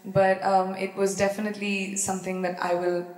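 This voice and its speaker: A woman's voice: medium pitch, level tone, moderate pace, darkish tone. A woman in her thirties with an Indian English accent, answering audience questions on stage in a playful, teasing way that often breaks into laughter. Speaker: celebrity guest on stage. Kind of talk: live stage Q&A, casual and joking. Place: large event hall. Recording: echoey hall with long reverb.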